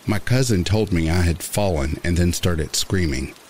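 A man reading a first-person horror story aloud in a measured, somber narration. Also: sits low, darkish tone, slight background noise. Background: rain sounds.

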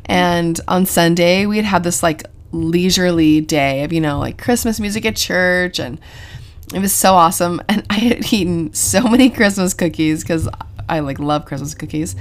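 A chatty mother co-hosting a parenting podcast, telling a story with plenty of laughter and casual fillers. Her voice sits lower than most women's. She talks in an easy, animated, conversational way. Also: moderate pace. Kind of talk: casual chat.

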